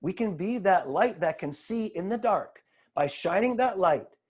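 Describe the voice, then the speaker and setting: A man giving a spiritual lesson over a video call, retelling scripture with dramatic, expressive emphasis. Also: high-pitched, measured pace, slightly rough. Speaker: spiritual teacher.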